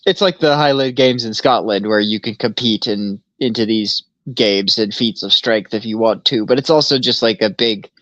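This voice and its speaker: A man's voice: fairly low pitch, fairly bright tone, no echo. A man co-hosting a casual podcast, telling stories loosely, swearing and laughing often. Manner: laid-back storyteller, swears freely, laughs often. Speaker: podcast co-host. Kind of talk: casual chat. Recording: slightly dull lo-fi sound.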